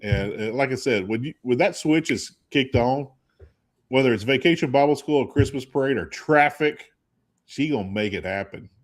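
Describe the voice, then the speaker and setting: A man's voice: medium pitch, moderate pace. A man co-hosting a radio show, telling casual stories and acting out the lines of the people in them. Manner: animated storyteller acting out quotes. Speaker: radio co-host. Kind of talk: casual storytelling chat.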